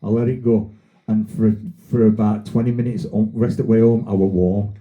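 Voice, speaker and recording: A man's voice: lowish voice, little pitch movement, normal speed, phone-quality sound. A man with a Sheffield accent hosting a casual podcast, telling rambling, sweary stories. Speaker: podcast host. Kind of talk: casual banter.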